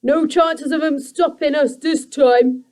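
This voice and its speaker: A woman voicing a sneaky male creaker creature in a storybook, with a slow squeaky drawl. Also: fairly even intonation, darkish tone. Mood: sly.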